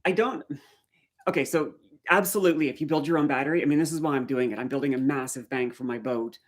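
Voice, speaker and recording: A middle-aged woman with a faint Maritime Canadian accent talks through a casual live stream. She is chatty and keeps answering viewer comments as she goes, in an easy, unhurried way. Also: very deep voice.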